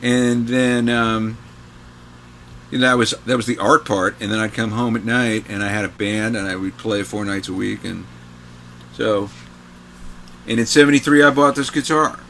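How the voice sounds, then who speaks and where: A man's voice: lowish voice, steady tone, moderate pace, long pauses, a bit bright, slight background noise. A man in his sixties from New York, a guest guitarist telling rambling stories with many fillers and restarts. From New York, USA. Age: 60s. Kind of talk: casual anecdotal storytelling.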